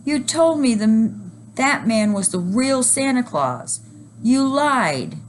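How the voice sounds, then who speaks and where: A woman's voice: sing-song, takes it slowly, a little hiss or hum. A woman voicing an upset little girl who shrieks her accusations in a storybook reading. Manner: shrill, accusing.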